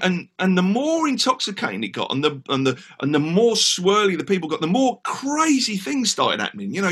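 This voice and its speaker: An English man telling a story as a guest in a casual podcast interview, animated and full of restarts. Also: high voice, slightly rough. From England. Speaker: guest musician.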